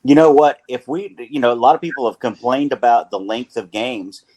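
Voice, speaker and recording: A man's voice: medium pitch, brisk, a little mellow. A man hosting a sports radio show with a North Carolina accent, talking in a playful, rambling way and correcting himself as he goes.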